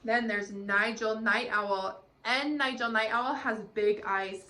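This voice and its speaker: Woman teacher, high voice, bright tone, cheerful sing-song phonics lesson for kids. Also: steady tone, slow. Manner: cheerful, sing-song, demonstrates letter sounds. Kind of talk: phonics lesson for young children.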